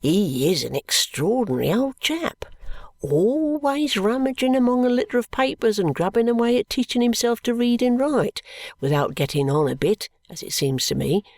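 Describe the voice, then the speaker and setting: A reader voicing a scheming, sentimental young male law clerk who talks in a confiding, often hushed and whispery way. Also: mid-range voice, animated, normal speed, dry recording, voice pushed up, lightly acted.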